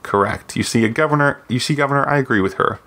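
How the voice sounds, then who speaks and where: A man's voice: mid-range voice, quick pace, sharp tone, pitched above the performer's own voice. A man reading aloud, voicing a proud, sardonic older woman mage who teaches, with a dry, cutting manner. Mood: firm. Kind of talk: audiobook reading.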